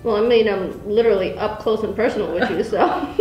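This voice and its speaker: A woman's voice: mid-range voice, normal speed, echoey room, highs cut off, faint music behind. A young woman, a guest youtuber, doing her friend's makeup while teasing and laughing. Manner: excitable, teasing, bursts into laughter. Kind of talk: casual chat.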